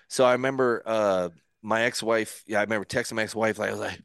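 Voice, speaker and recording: A former pitcher appears as a podcast guest, a middle-aged man with a fairly low voice telling a casual story at a quick pace. He's animated, voices his own inner thoughts, and stumbles over restarts. The recording is close and dry, with no room sound.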